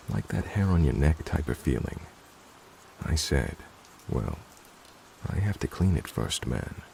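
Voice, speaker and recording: A man with a gravelly voice reading a first-person story in an even, low-key manner. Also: slight background noise, rough recording. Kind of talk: scripted narration. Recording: rain sounds behind the voice.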